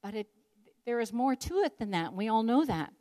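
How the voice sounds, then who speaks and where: A woman's voice: on the high side, big pitch swings, fairly quick, mellow. An older woman telling a personal story in an earnest, reflective devotional talk. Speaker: speaker sharing a personal story.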